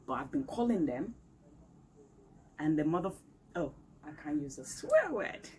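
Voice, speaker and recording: A woman's voice: lowish voice, very animated, a little slow, creaky, darkish tone, rough recording. A woman vlogging an emphatic, exasperated complaint from her home. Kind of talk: complaint rant to camera. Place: home room, indoors. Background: faint outdoor street noise.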